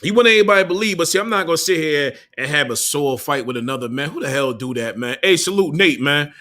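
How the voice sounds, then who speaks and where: Young male livestream host, bright forceful tone, slightly higher voice, loose slangy banter. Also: expressive, fast. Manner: loose slangy banter, swearing, calling out to viewers. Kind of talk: casual livestream chat.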